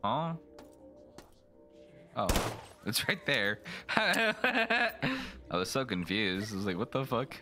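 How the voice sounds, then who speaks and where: A man streaming a video game, rambling and joking, now and then jumping into silly high voices. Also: sing-song, slow, pauses often. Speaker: gaming streamer. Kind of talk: casual let's play commentary. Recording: game music behind the voice.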